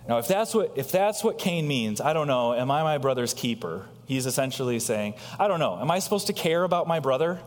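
A man preaching a sermon as pastor, asking rhetorical questions and swinging between loud high emphasis and quiet low asides. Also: big pitch swings, a little fast, hardly any pauses, in a large hall.

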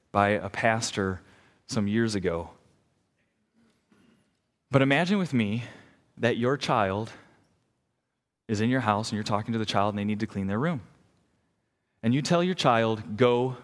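A man's voice: medium pitch, in a large hall. A man pastor preaching a sermon, earnest and storytelling, building intensity as he presses his point in a church.

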